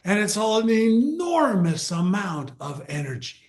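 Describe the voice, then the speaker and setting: A man in his sixties, a guest on an interview show, telling a story in a lively conversational way and acting out the quotes. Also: high voice, measured pace. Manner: animated, acts out quotes. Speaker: guest, mindset author.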